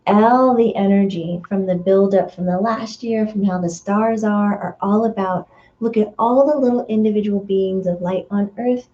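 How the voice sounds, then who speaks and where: A woman medium giving a spiritual energy reading, talking in a dreamy, searching way with many fillers and now and then acting out voices in sudden high bursts. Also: normal speed, warm tone, highs cut off.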